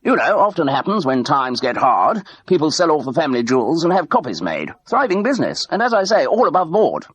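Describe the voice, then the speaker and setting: A man's voice: a little high, big pitch swings, fairly quick, hardly any pauses, slightly rough, pitched above the performer's own voice. A man voicing a bluff middle-aged ex-crook posing as a major, chatty and hesitant, full of ums and uhs. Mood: confiding.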